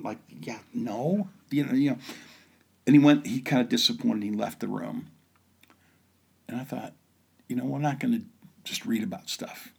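A middle-aged man from the Midwest telling personal stories in a lively way, acting out the voices of the people in them. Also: medium pitch, gravelly, slightly rough. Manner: animated, acts out the voices in his stories. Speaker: storyteller. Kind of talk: personal storytelling.

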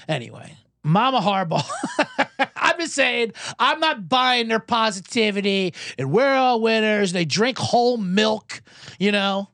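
A man hosts a comedy sports podcast, ranting sarcastically and cursing freely. His voice swings widely in pitch as he fires off complaints. The recording is close and dry. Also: fairly bright tone, dry recording. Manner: ranting, sarcastic, profane, self-interrupting. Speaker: podcast host.

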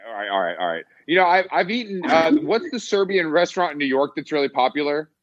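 A man's voice: a little high, sing-song, fast talker, fairly bright tone, muffled recording. A man co-hosting a podcast in casual chat, laughing often and stammering as he restarts. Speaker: podcast co-host.

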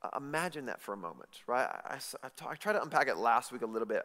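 A male pastor preaching a sermon, swinging between hushed lines and loud emphatic bursts, often stumbling and restarting words. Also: medium pitch. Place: church hall. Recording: long hall reverb.

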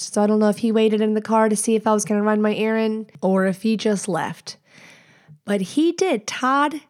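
A woman in her thirties hosting a solo podcast, telling stories in a candid, profane, chatty way. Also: on the high side. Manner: candid and profane, animated asides. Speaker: podcast host. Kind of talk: casual solo podcast storytelling.

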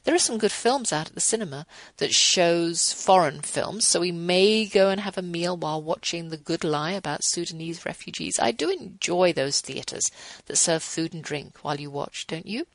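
A woman in her fifties hosting a radio show, reading a passage aloud and giving earnest, gently devotional closing remarks. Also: fairly low pitch, animated, moderate pace, dry recording, poor audio.

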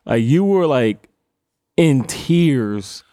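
A man's voice: mid-range voice, expressive, drawn-out words, dark tone, dry recording, studio quality. A man hosting a podcast interview, easygoing and teasing, with frequent affirming murmurs. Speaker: podcast host, athlete. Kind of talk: casual interview chat.

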